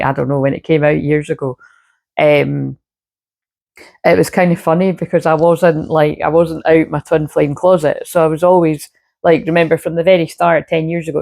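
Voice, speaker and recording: A woman's voice: deep voice, vocal fry, dark tone. A woman giving a casual, rambling astrology reading full of fillers. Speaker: spiritual reader.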